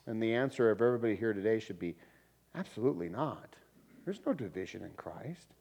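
A man preaching a sermon in a lively, conversational way, with laughs and sudden loud emphasis. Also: lowish voice, fairly quick, gravelly. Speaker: pastor.

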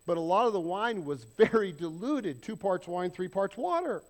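Middle-aged male pastor, slightly high voice, loose conversational sermon with a self-deprecating streak. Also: normal speed. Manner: casual and lively, with self-deprecating asides and acted-out quotes. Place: church sanctuary.

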